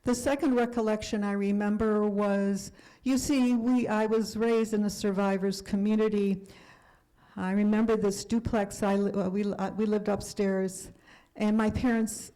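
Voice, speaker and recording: A woman in her seventies giving a talk about her life, speaking earnestly and sometimes dropping to a hush for emphasis. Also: mid-range voice, rough recording. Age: 70s. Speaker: guest speaker. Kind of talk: personal storytelling lecture.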